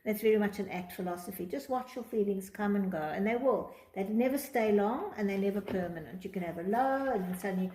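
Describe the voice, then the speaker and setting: A woman's voice: mid-range voice, fairly quick, few pauses, mellow. A woman teaching a Torah psychology class, reading from a text and explaining it, acting out quoted thoughts in different tones. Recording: echoey room.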